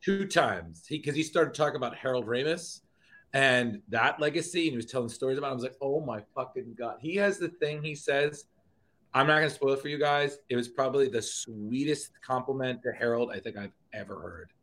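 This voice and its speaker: Brief: male podcast co-host, casual rambling chat, mid pitch, emotional, trips over his words. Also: brisk, a bit bright. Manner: rambling, emotional, restarts often.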